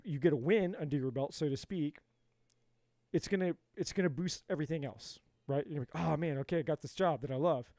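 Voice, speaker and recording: A man's voice: fairly high pitch, a little mellow, dry recording. A man giving a live-stream tarot reading in an emphatic, repetitive, motivational way. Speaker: tarot reader.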